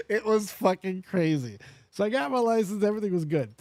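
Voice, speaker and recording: A Las Vegas man in his forties, with a high-pitched voice and quick pace, hosts a livestream and tells a story casually. He's animated, swears often and acts out both sides of the dialogue. The recording is dry.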